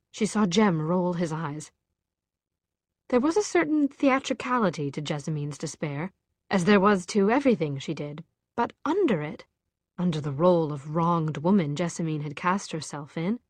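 A woman narrating a novel in a measured, expressive storytelling voice. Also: fairly low pitch, dry recording. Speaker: audiobook narrator. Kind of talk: scripted narration.

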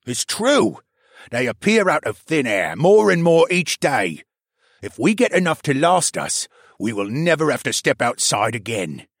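A man voicing a gruff, spiteful older male pub owner who rants and growls at people. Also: mid-range voice, sing-song, a little slow, no room sound, clean studio sound, pitched above the performer's own voice, exaggerated voice. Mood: scheming.

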